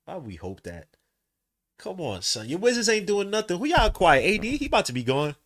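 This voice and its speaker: A man hosting a live basketball watch-along stream, talking casually in slang, swinging between loud outbursts and low muttering. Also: huge pitch swings, a little fast. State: tired, yawning. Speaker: podcast host doing a live watch-along. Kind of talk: casual live game commentary. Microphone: streaming setup mic.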